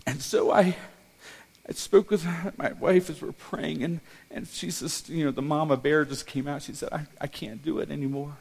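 Emotional, halting middle-aged male pastor. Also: a little high, steady tone, vocal fry, a little mellow, breathy edge. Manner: emotional, halting, with repeated restarts. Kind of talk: personal testimony sermon.

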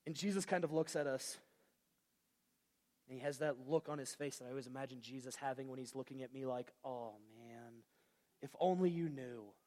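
A man's voice: medium pitch, fairly even intonation, fast, darkish tone. Man preaching in a reverberant church hall. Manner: casual, conversational preaching with slang. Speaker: pastor. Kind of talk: sermon.

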